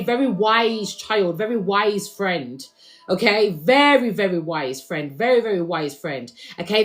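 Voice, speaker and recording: A woman's voice: mid-range voice, a bit bright. Chatty woman reading tarot. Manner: chatty, slangy, constantly checks in with listeners. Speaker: tarot reader. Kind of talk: casual tarot reading to camera.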